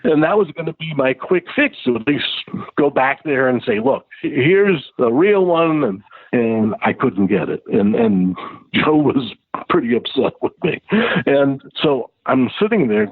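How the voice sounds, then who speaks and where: A man telling a casual anecdote as a guest, acting out the people he quotes. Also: no echo. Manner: lively, acts out quoted voices with big pitch jumps. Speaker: guest storyteller. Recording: tinny phone-like sound.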